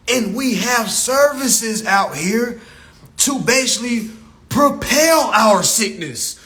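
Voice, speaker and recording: A man's voice: very high voice, animated, takes it slowly, a bit bright. A man ranting on a live stream to followers, profane and preachy, mocking people as he lectures. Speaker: social media commentator. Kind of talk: instagram live rant. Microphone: phone on a live stream.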